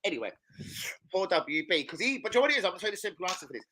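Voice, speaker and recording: Excitable host with a sharp, forceful tone; talks fast and swears constantly. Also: male voice, high voice, slight background noise, rough recording. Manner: rambling, excitable, swears a lot. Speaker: watch-along host; chef. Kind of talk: casual chat.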